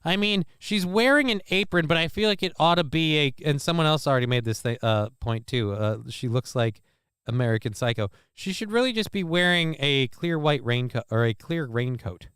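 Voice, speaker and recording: A man's voice: a little high, animated, normal speed, a bit bright, clear, resonant tone, no room sound, studio quality. A man giving casual, rambling, sarcastic commentary as he reacts to a video.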